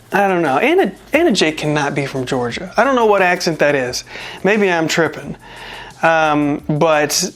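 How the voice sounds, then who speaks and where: A wrestling show reviewer giving a casual, rambling spoken recap, full of wry, self-deprecating jokes and asides. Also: mid-range voice. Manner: rambling and chatty, with jokey asides.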